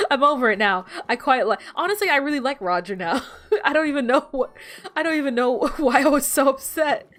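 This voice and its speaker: A woman's voice: high-pitched, expressive, normal speed, pauses often, fairly bright tone. A young woman streaming a game, chatting casually, laughing often and swearing as she tells stories. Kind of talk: casual gameplay chat. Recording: faint background music.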